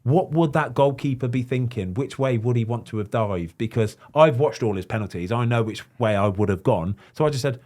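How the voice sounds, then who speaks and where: A man, a podcast host and former goalkeeper who tells lively anecdotes and acts out the quotes. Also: mid-range voice, fairly quick, hardly any pauses. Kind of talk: casual chat, anecdotes.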